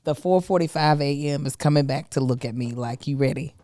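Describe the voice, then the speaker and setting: A middle-aged woman co-hosting a podcast, chatting casually with an animated, teasing manner. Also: low-pitched, fairly quick, no echo. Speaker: podcast co-host. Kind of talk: casual chat.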